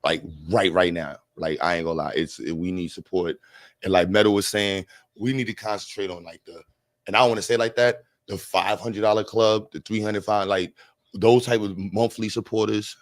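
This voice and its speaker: Energetic New livestream host. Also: male voice, fairly low pitch, moderate pace, no echo. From New York. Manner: energetic, repeats words, slangy, shouts out chat. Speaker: livestream host raising funds for a school. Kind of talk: casual livestream chat.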